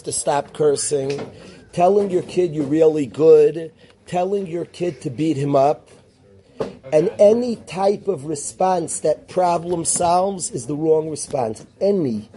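A man teaching a yeshiva class in a lively way, calling on students by name and mixing Hebrew and Yiddish terms into his English. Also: on the high side, slow pace. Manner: animated, calls on students by name. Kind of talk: classroom lecture.

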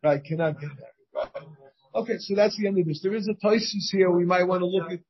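A man's voice: high voice, quick pace, creaky, muffled recording. A man teaching a Talmud class as the rabbi, reading the text aloud and translating it line by line, often restarting his phrases. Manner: reads Hebrew and Aramaic text and translates it, with many restarts.

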